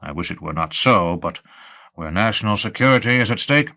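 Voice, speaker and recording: A man reading an audiobook, voicing a sad, patient foreign police officer who speaks formally and gravely. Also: sits low, animated, bright, forceful tone, full character voice. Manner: measured, formal, sorrowful.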